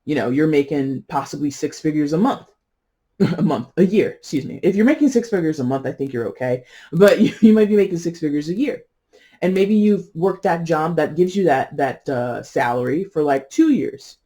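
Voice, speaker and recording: Rambling, mellow-voiced tarot reader. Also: medium pitch, moderate pace. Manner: rambling, laughing, self-correcting. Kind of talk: casual tarot reading monologue.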